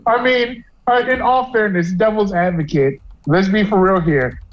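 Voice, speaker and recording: High-pitched podcast dude, muffled lo-fi audio, blunt jokey trash talk. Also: male voice, moderate pace. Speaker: podcast co-host. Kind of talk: casual wrestling podcast banter.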